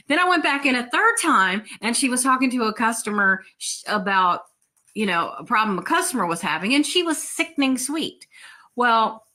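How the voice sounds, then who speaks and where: Lively, bright-voiced woman ranting bluntly. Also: medium pitch. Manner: blunt, swears freely, animated. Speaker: vlogger. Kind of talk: casual storytelling rant.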